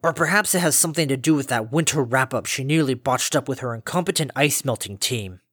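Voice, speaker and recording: A man's voice: mid-range voice, lively intonation, quick pace, a bit bright, no room sound, studio quality. A man voicing a stern old male pony farmer in a storybook reading, speaking with a scratchy, lethargic drone and formal curtness. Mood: droning. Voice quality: scratchy, droning.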